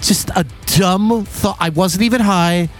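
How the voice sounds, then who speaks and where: A man's voice: sits high, measured pace, faint music behind. A man co-hosting a casual podcast, laughing often and swearing freely. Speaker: podcast co-host. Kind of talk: casual comedic chat.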